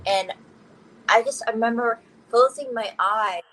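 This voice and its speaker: A woman speaks slowly and unhurriedly, recounting a personal story in open conversation. She is candid and often laughs through the hard parts. A faint hum sits under her voice. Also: on the high side, a bit bright, rough recording. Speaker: interview guest.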